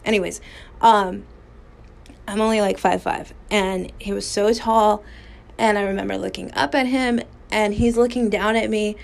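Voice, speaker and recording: Woman, podcast host, gravelly creaky voice, mid pitch, raw and candid, casual swearing. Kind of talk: personal storytelling podcast. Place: small recording booth. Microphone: phone.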